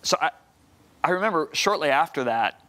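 A man's voice: fairly high pitch, animated, normal speed, sharp tone. A middle-aged man preaching as a guest on a Christian TV show, telling a personal story energetically, repeating words and acting out conversations. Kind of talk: animated storytelling testimony. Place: TV studio.

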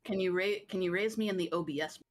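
A woman's voice: lowish voice, fast. A woman chatting over a voice call with a streamer, teasing and blunt, swearing casually. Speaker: co-player on a call, moderator.

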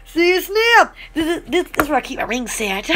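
A woman's voice: high voice, big pitch swings, moderate pace, a bit bright, a little hiss or hum. A woman hosting an online shop chat, rambling, giggling and gasping between exclamations. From Alabama.

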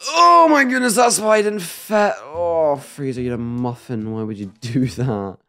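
A man giving excited live gameplay commentary, talking to himself and shouting at his mistakes. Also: medium pitch, measured pace. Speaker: gaming YouTuber.

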